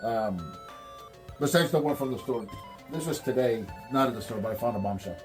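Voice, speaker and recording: A man's voice: mid-range voice, brisk, over music. A man hosting a toy review channel, chatting casually and acting out what people said. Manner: animated storyteller, acts out quotes. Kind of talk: casual chat.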